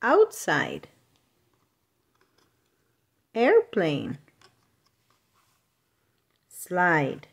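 Woman host reading a toddler word book aloud, very slow and lively, one word at a time. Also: on the low side, gravelly, slightly rough. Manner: names words one at a time with pauses, playful animal sounds. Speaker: storytime channel host.

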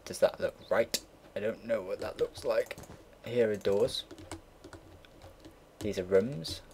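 A man's voice: lowish voice, takes it slowly, darkish tone, slight background noise. A young man in his late teens, casually rambling and swearing while narrating a computer build. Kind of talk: casual gameplay commentary. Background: keyboard typing and mouse clicks.

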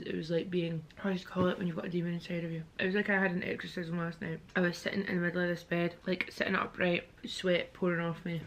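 Gravelly woman, chatty and candid. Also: fairly low pitch, a little hiss or hum. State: feeling unwell. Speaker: vlogger. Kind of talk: casual vlog talking to camera. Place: hotel room.

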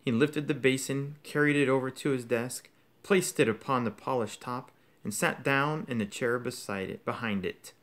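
A man's voice: medium pitch, moderate pace, fairly bright tone. A man reading a novel aloud as an audiobook, telling the story expressively. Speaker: audiobook reader.

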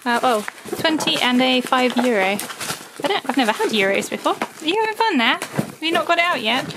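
A woman's voice: high voice, expressive, brisk, noisy background. A woman chatting casually as she opens fan mail at home and coos at her dog in a sing-song voice. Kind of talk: casual chat.

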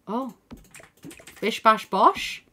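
A woman's voice: a little high, expressive, drawn-out words, sharp tone, breathy edge. A woman streamer chatting casually as she plays, thinking aloud, reading out chat and swearing now and then, on a desk microphone at her home computer. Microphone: desk microphone in front of screen.

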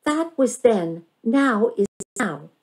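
A woman's voice: mid-range voice, unhurried, close to an everyday voice, poor audio. A woman voicing an impatient, curious young girl who pleads and talks eagerly in a storybook reading. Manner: eager, pleading, rising excitement.

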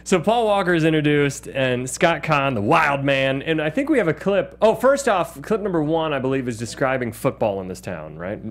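This is a man in his thirties co-hosting a casual movie podcast. His voice sits a little high and swings widely as he jokes and acts out quotes. He laughs often and keeps things loose. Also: normal speed, few pauses. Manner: animated, laughing storyteller who acts out quotes. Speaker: podcast co-host.

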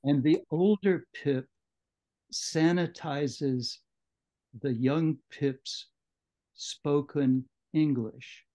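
A man leading a book club discussion, explaining a novel in a measured lecturing way, on muffled audio. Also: on the high side, warm tone. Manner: measured, explanatory, with occasional restarts. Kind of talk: literary lecture.

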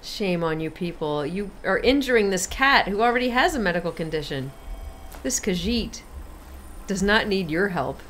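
A woman's voice: medium pitch, expressive, normal speed, a bit bright, a little hiss or hum. A woman streaming a video game, playful and exclamatory, laughing and reacting as she plays. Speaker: gaming streamer. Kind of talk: live game commentary.

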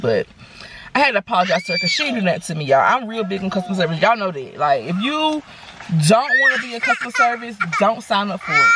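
A woman vlogs from the driver's seat and tells her viewers a story. She is sassy and animated and keeps calling them y'all. Her voice sits at a middle pitch, and a clear hum of car and road noise runs under it. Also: fast talker. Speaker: vlogger. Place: inside a car.

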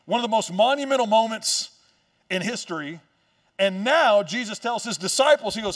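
A male pastor with a high voice preaching in a loose, joking storyteller manner. He turns the story over with quick asides and playful lines. His voice sounds a little away from the mic. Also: lively intonation, fairly bright tone, recorded from a distance. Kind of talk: sermon. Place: church stage.

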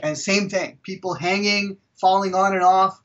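A middle-aged man from India, a guest author telling stories in an interview with lively energy. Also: sits high, normal speed, far from the mic, lo-fi sound. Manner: energetic, animated storyteller. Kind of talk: storytelling in an interview.

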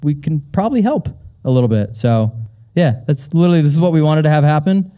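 A man's voice: on the high side, expressive, fast talker, dark tone, clear, resonant tone. A young man co-hosting a live show, chatting loosely, repeating words, laughing often, then reading a story aloud. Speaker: co-host of a live paranormal show. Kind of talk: casual live stage chat and reading aloud. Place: live show in a castle venue.

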